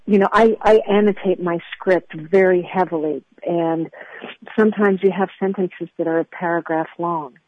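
A woman's voice: lowish voice, fairly even intonation, moderate pace, highs cut off. A woman from France, a voice actress guest, talking casually in an interview with many fillers and restarts. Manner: chatty, frequent fillers and restarts.

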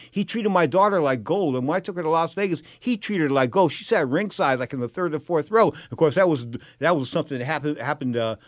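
A man's voice: on the high side, no room sound, studio quality. A man telling rambling, casual anecdotes, often circling back with "bottom line is" and throwing in asides. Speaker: storyteller.

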